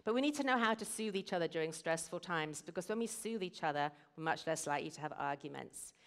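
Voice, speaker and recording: Woman, middle-aged, lowish voice, earnest church sermon. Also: expressive, fast, fairly bright tone. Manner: earnest, storytelling. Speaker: guest speaker at a church service.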